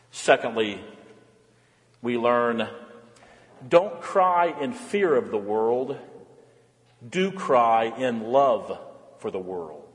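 A man's voice: mid-range voice, big-room sound. A man preaching a Lent sermon, earnest and pleading, sometimes putting on mocking quoted voices. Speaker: pastor.

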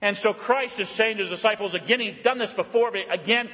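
A man preaching a sermon, swinging between loud, emphatic declarations and soft, hushed tenderness, repeating phrases for emphasis. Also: high-pitched, a little fast, hardly any pauses, long reverb tail. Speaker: pastor. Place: church.

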